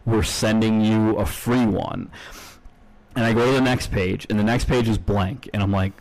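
A man's voice: on the low side, fairly even intonation, normal speed, darkish tone, low-quality recording. A man co-hosting a podcast, telling a long story in casual chat, rambling with lots of fillers and frequent swearing. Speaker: podcast co-host.

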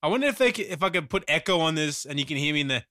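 A man streaming live, reacting to videos with loud exclamations, groans and a lot of swearing. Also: fairly high pitch, lively intonation, racing, no echo, studio quality.

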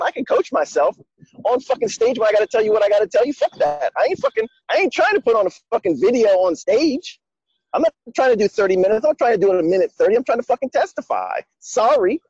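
A man's voice: high-pitched, a little mellow, slightly rough, dry recording, dull audio. A man telling a story in a loose, heavily profane, emphatic way. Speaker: guest speaker. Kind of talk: casual conversation.

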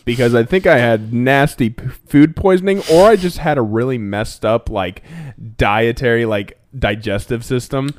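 A young man from Illinois co-hosting a podcast, telling a story in a loose, animated way and getting loud at the funny parts. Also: mid-range voice, moderate pace, no room sound. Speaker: podcast co-host. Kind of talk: casual storytelling.

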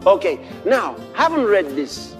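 A man preaching a sermon, moving from quiet storytelling to shouted exhortation. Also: sits high, sing-song, a little slow, faint music behind. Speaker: pastor.

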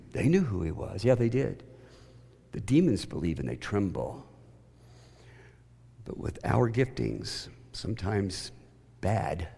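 A man from Oklahoma preaching a sermon, emphatic, moving between loud declarations and quiet asides. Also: deep voice, vocal fry. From Oklahoma, USA. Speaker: pastor.

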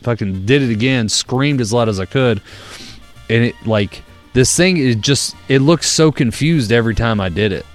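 A man's voice: medium pitch, normal speed, faint music behind. A young man, co-hosting a podcast in casual chat and telling stories with plenty of swearing. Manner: animated storyteller, swears freely. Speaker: podcast co-host.

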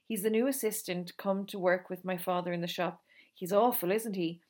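A woman voicing a hesitant, gruff schoolgirl. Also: fairly low pitch, normal speed, a little mellow, lightly acted. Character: shy, hesitant schoolgirl, birthday girl.

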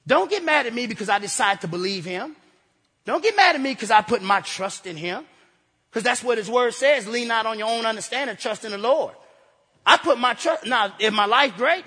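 A man preaching an energetic sermon in a church, excitable and repetitive, calling out to his congregation. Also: very high voice, normal speed, husky, in a large hall. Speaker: pastor. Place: church sanctuary.

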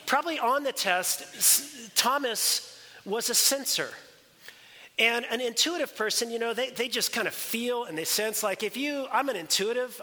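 A man's voice: high-pitched, sharp tone. A man preaching a sermon as pastor, emphatic and conversational, with joking asides. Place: church sanctuary. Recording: long reverb of a church hall.

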